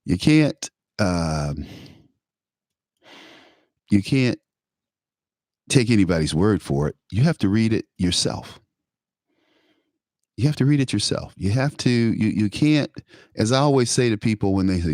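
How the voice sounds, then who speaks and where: A man's voice: lowish voice, animated, measured pace, pauses often, a little mellow, dry recording. Emphatic male talk show host, dry close sound. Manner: repetitive, emphatic, laughs at his own remarks. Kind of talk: political commentary monologue.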